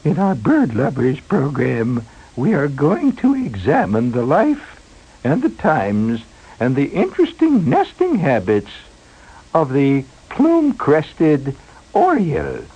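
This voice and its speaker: A man's voice: fairly high pitch, wildly swooping pitch, slightly rough, dull audio, voice pushed up, exaggerated voice. A man putting on a prim lady announcer. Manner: slow, lilting, precise announcer delivery. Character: prim middle-aged female radio presenter.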